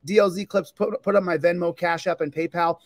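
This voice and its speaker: A man's voice: high voice, fairly even intonation, a little fast, no room sound, clean studio sound. A man hosting a livestream, ranting angrily and repetitively at a police department, fired up and confrontational. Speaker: livestream host and police auditor. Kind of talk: angry livestream rant.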